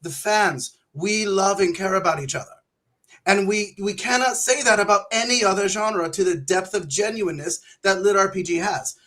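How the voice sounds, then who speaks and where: A man's voice: high voice, moderate pace, bright, forceful tone. A man chatting as a guest on a video call, theatrical and playing up a put-on accent. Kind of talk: casual video chat.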